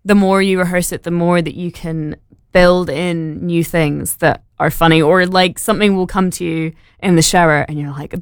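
A young woman from Edinburgh chats about her stage work, bubbly and quick to laugh. Her voice sits a little low and sounds smooth and clean. The recording is close and dry. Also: steady tone, no room sound. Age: 20s. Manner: bubbly, laughs often, fillers. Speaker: actor, guest. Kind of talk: casual interview.

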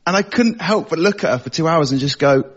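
A man's voice: fairly high pitch, expressive, fairly quick, very noisy. A man doing a one-minute stand-up routine on a comedy panel show, chatty and playful. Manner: conversational storytelling, playful asides. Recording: dull lo-fi with audience.

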